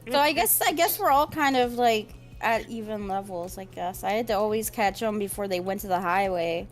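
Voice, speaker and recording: A woman's voice: mid-range voice, moderate pace, soft background music. A woman chatting and giggling with friends in a voice call, rambling a little. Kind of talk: casual voice chat banter.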